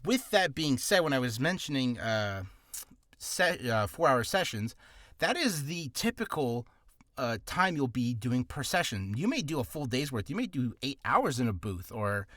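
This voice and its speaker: A man's voice: medium pitch, sing-song, moderate pace, a bit bright, no echo. A man talking through voice-care tips in a loose, rambling, jokey way, restarting his sentences as he goes. His throat sounds a little dry and ticklish, and the dry, close recording has no room sound. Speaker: voice actor giving advice. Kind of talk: casual spoken video lesson.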